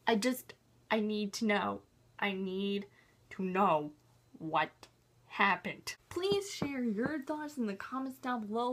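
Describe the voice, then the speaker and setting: A young woman vlogger giving an excited fan recap of a TV episode, gushing and acting out scenes as she goes. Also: fairly high pitch, breathy edge. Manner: gushing, animated, acts out scenes with "I'm just like".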